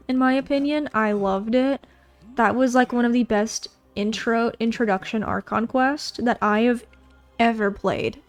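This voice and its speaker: Bubbly young woman gushing over a game. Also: fairly high pitch. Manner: bubbly, gushing, rambling with many fillers. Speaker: gaming YouTuber. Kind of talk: casual gameplay commentary.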